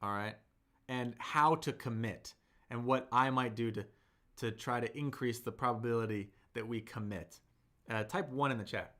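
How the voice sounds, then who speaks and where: A man hosting a live Chinese lesson, chatty and upbeat, reading viewer comments aloud and slowing down to model tones. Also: mid-range voice, a bit bright. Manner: reads viewer comments aloud and answers them. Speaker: Chinese teacher and livestream host. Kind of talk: live-streamed language lesson reading chat.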